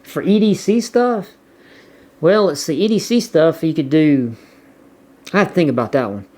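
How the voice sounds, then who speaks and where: A man's voice: on the high side, lively intonation, moderate pace, warm tone. A man with a Southern US accent chatting casually as a vlogger, rambling and repeating words as he reads viewer comments. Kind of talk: casual chat.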